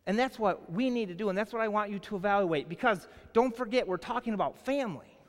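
A male pastor in his forties preaching a sermon, telling a personal story in an animated, casual way full of "like". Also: high-pitched, quick pace. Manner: animated storytelling, colloquial, lots of "like". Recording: long hall reverb.

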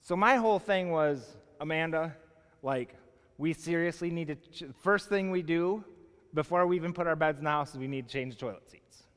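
A male pastor in his forties preaching a sermon, telling a personal story in an animated, casual way full of "like". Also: on the high side, normal speed, smooth. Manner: animated storytelling, colloquial, lots of "like". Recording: long hall reverb.

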